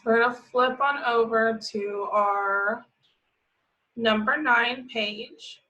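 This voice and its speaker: A woman teaching a remote phonics lesson to young children, stretching out each word slowly as she sounds it. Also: fairly high pitch, pushed and bright. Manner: slow, drawn-out sounding of words. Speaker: preschool teacher. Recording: slightly dull lo-fi audio.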